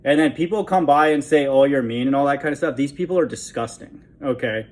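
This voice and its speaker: A man's voice: on the high side, fast. A man telling a story in a rambling, casual monologue, scornful in tone and constantly adding "okay?". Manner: scornful, contemptuous. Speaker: vlogger.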